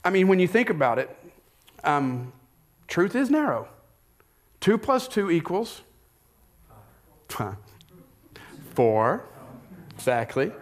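Man, middle-aged pastor, sermon, conversational, rhetorical questions, slightly high voice. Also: big pitch swings, takes it slowly, long pauses.

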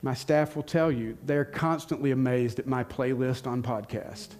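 A Southern American man in his forties, from the United States, preaches a sermon in a mid-range, darkish voice at normal speed. He's an earnest pastor who questions his congregation and repeats key lines for emphasis.

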